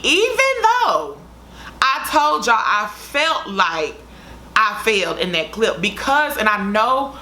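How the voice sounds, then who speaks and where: A woman's voice: mid-range voice, pushed and bright, slight background noise. A young woman vlogger telling a story to her viewers in a chatty, dramatic way. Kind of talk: casual storytime vlog.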